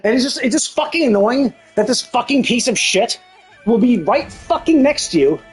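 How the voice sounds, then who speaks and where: A woman's voice: on the high side, animated, moderate pace, husky, soft background music. A woman streamer giving live gameplay commentary, swearing often as she rants about the game in exasperation. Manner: profane, exasperated ranting.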